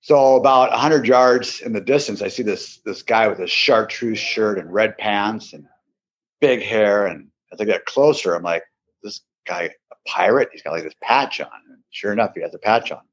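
Man, husky voice, lowish pitch, lively storytelling, dull lo-fi sound. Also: normal speed. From Seattle area. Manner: animated anecdote, acts out quoted voices. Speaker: podcast guest. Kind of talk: casual storytelling.

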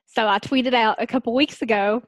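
High-voiced giggly Southern woman. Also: steady tone, a little fast, no room sound. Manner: giggly, easygoing, self-deprecating. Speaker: podcast guest. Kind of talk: casual chat.

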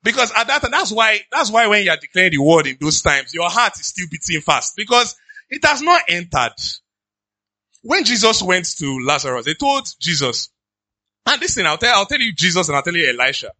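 A pastor with a Nigerian accent preaching in an animated, conversational way, slipping into pidgin asides. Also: male voice, sits high, a little fast, dry recording. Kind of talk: sermon.

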